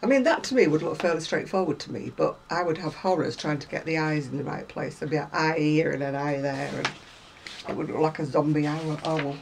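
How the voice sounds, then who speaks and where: Low-pitched woman, chatty craft vlog, self-deprecating asides, faint background hiss. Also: a little fast, creaky, low-quality recording. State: unwell. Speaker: craft vlogger. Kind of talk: casual chat to viewers.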